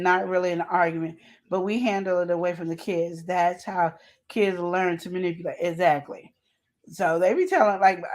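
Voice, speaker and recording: Woman co-host, casual talk show chat, animated and given to acting out quotes. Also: on the low side. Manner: animated, acts out quoted voices; laughs often. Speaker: podcast co-host. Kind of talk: casual chat reading viewer comments.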